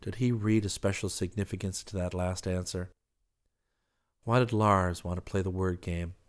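Male audiobook narrator, deep and monotone, even storytelling. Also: moderate pace. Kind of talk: scripted narration.

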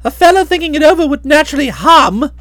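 A woman reading an audiobook, voicing a cheerful, breezy young gentleman who chats in an airy manner. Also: sits high, animated, fast talker, dry recording. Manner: breezy, chatty.

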